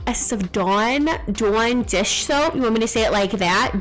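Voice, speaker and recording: A woman's voice: medium pitch, faint music behind. A young woman streaming a game, chatting casually and teasing the viewers in chat. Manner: chatty, reads chat aloud, quick jokes and teasing.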